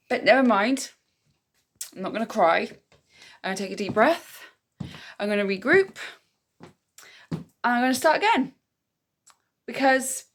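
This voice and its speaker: Chatty woman vlogging. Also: on the high side. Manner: chatty, candid, repeats herself. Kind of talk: casual chat to camera.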